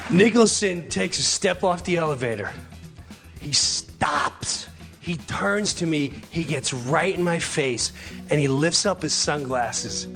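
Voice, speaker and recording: A man telling a funny anecdote on stage, animated and quick, dropping into impressions. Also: a little high, creaky, soft background music. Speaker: comedian. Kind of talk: storytelling on stage.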